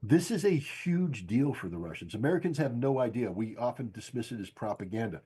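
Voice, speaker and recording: An older man giving forceful, insistent political commentary as a guest, hammering home his points by repeating them. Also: mid-range voice, expressive, fairly quick, breathy edge. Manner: emphatic, insistent, repeats key phrases. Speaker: guest analyst. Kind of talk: political commentary on a podcast stream.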